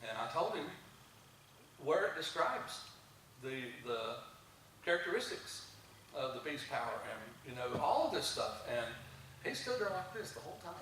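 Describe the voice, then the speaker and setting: A man's voice: on the high side, big pitch swings, normal speed, long pauses, fairly bright tone. A man giving a chatty testimony at a church service, telling stories with frequent restarts and chuckles. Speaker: guest speaker at a church service. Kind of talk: conversational testimony storytelling. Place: church sanctuary. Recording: very echoey hall, from far off, faint hiss.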